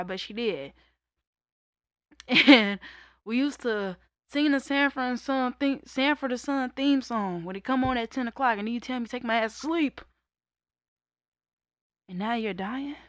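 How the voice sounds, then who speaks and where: A young woman candidly telling a personal story in a casual monologue, raw and conversational, breaking into loud laughter. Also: fairly high pitch, moderate pace, no room sound, studio quality. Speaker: vlogger.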